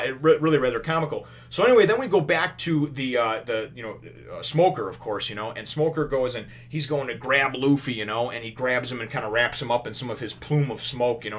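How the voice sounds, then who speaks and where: Rambling man recapping a comic. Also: fairly bright tone. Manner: rambling, many fillers, quotes characters with raised pitch. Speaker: comics reviewer. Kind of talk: casual retelling of a comic chapter.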